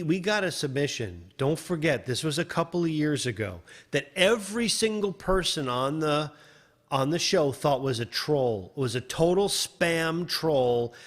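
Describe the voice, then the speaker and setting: A man's voice: on the high side, fairly bright tone. A man, a composer giving casual feedback on listener submissions, rambling and swearing, laughing often and restarting his sentences. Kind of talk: casual livestream critique.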